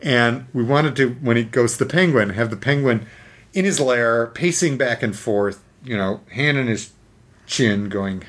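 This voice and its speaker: A man telling a story in casual chat, animated, using many fillers and acting out the scenes. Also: medium pitch, a little slow.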